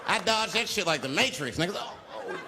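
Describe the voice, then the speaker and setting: A man doing a stand-up comedy routine, telling a story in an animated way and acting out characters with shouts. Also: sits high, fast talker, a crowd in the background. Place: comedy stage before an audience. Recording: live stand-up set with noisy room and audience ambience.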